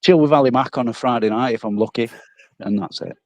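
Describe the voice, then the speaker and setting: A man's voice: mid-range voice, quick pace, no echo. Chatty self-deprecating man, dry sound. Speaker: chat guest. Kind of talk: casual chat.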